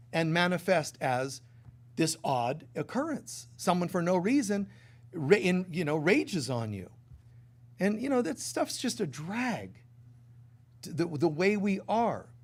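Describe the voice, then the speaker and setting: Spiritual teacher, middle-aged man; a somewhat high voice, storytelling sermon delivery with playful asides and big swings in volume.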